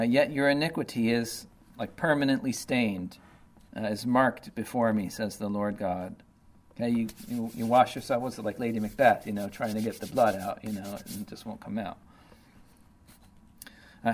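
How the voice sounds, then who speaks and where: A man teaching through Bible verses, reading passages slowly and then explaining them in a casual way with many fillers like "uh" and "you know.". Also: mid-range voice. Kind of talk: informal Bible study talk.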